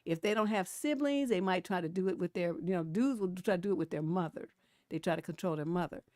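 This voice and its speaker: A middle-aged woman hosting a livestream advice show, talking bluntly and profanely, swinging from mellow to heated and laughing between points. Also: fairly low pitch, fast talker, dry recording, studio quality. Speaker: relationship coach hosting a livestream. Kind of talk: casual livestream advice talk.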